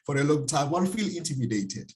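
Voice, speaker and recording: A man interviews a guest, his voice sitting a touch higher than usual. He puts his questions with hesitation and fillers, restarting phrases several times before landing them. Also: lively intonation, a little fast, a little mellow. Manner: hesitant, many fillers and repeated starts. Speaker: interviewer, host.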